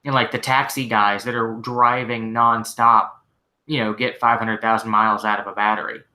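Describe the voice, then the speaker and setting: A man hosting a casual live-stream Q&A, answering questions as a working mechanic, relaxed and rambling with lots of "like" and "you know". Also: on the low side, normal speed. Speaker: host answering viewer questions; mechanic, shop owner.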